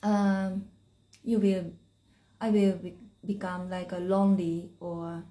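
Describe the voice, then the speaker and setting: Slow, mellow-voiced spiritual woman. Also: fairly low pitch, flat delivery. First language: Japanese. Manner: halting, searching for words in English. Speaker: spiritual teacher. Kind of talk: live-stream chat.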